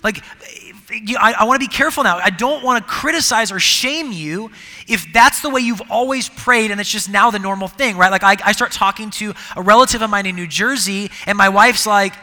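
A middle-aged man preaching a sermon, with a conversational, animated manner and many restarts. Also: high voice, brisk. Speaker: pastor. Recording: long hall reverb.

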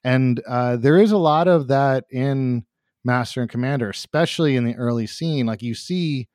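A man's voice: medium pitch, moderate pace, a little mellow, dry recording, studio quality. A man hosting a casual movie podcast, rambling with many fillers and restarts.

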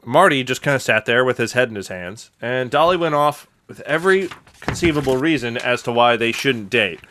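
A man's voice: medium pitch, animated, fairly quick, fairly bright tone, a little hiss or hum. A man casually telling a story on a comedy podcast, crude and loose, laughing as he goes.

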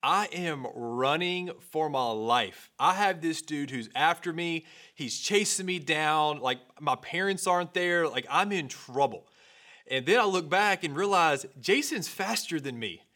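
Young male pastor, conversational sermon delivery, slightly high, bright tone. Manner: casual, conversational storyteller. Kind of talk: sermon opening with a personal story.

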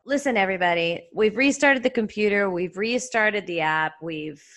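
A woman's voice: mid-range voice, normal speed, a bit bright. A woman in her forties with a Southern US accent, co-hosting a podcast in casual, chatty talk with easy laughs. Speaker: podcast co-host. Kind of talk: casual chat.

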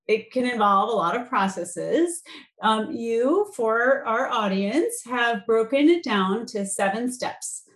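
A podcast host, a woman, draws her guest out with encouraging prompts. Her voice is slightly high and she speaks slowly. The recording has a noticeably echoey room. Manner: encouraging, with frequent backchannel. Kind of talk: casual interview.

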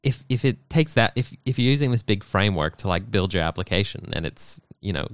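A man's voice: on the low side, expressive, a little fast, clean tone, dry recording, studio quality. A man co-hosting a podcast, chatting casually and joking with many fillers. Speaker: podcast co-host. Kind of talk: casual tech chat.

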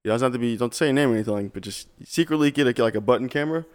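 A young man co-hosting a casual podcast, talking with lots of fillers and laughing quickly. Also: mid-range voice, smooth. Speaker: podcast co-host. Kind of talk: casual chat.

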